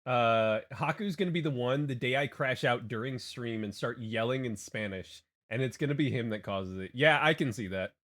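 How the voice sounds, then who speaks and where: A young man from Hawaii talks casually to his stream chat at a middle pitch. He rambles, stumbles over restarts and breaks into quick laughing asides. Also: fairly bright tone. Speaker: game streamer.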